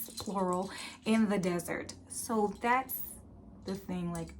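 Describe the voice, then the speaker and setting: A woman's voice: fairly low pitch, slow pace, fairly bright tone, a little hiss or hum. A young woman from West Baltimore with a Baltimore accent, speaking earnestly and emotionally in a personal vlog, trying not to cry. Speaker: vlogger.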